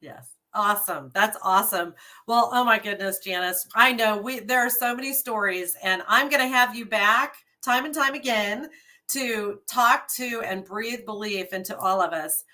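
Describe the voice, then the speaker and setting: A woman hosting a friendly chat, gushing with praise and enthusiasm. Her voice is bright and crisp at a middle pitch. She piles on one warm exclamation after another. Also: normal speed. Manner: effusive, gushing. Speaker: host. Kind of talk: casual chat.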